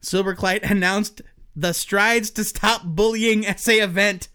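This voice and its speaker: A man's voice: high-pitched, fairly even intonation, a little slow, sharp tone, clean tone. A man co-hosting a casual comics podcast, wry as he reads news items aloud. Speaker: podcast co-host.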